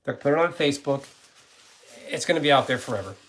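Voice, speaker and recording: A man's voice: mid-range voice, expressive, fast talker. A man streaming from his gaming channel, chatting casually with viewers in a rambling, blunt way and cursing freely.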